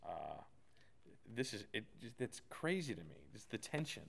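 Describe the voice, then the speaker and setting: A man's voice: lowish voice, very animated, moderate pace, creaky, fairly bright tone. Earnest man preaching a sermon. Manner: earnest, storytelling, emphatic swells. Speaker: pastor. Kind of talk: sermon with personal story.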